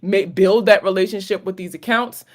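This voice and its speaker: A woman with a Maryland accent hosts a casual late-night livestream Q&A as a credit coach. She talks in a candid, chatty way, swearing freely and mixing in slang. Her voice sits at a middling pitch. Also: fairly even intonation, normal speed. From Maryland, USA. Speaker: credit coach hosting a live Q&A.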